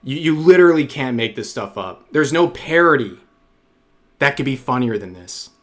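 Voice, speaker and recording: A man's voice: mid-range voice, lively intonation, moderate pace. A man hosting a stream, mocking a clip in casual reaction commentary and reading donations aloud. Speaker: streamer host.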